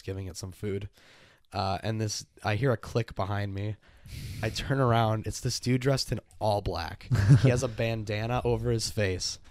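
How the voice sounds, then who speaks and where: A man's voice: on the low side, no room sound. A man co-hosting a casual podcast, telling rambling stories and laughing often. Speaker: podcast co-host. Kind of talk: casual chat.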